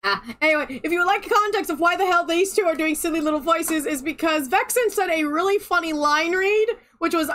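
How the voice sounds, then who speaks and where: A young woman hosting a live reaction stream, excitable and quick to laugh and swear. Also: very high-pitched. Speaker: streamer host.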